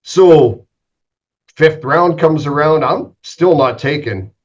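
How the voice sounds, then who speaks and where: Animated storytelling ex-goalie man. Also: fairly high pitch, takes it slowly. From Western Canada. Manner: animated, swearing, acts out quotes. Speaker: former pro hockey goalie, guest. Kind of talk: casual storytelling interview. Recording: slightly dull lo-fi sound.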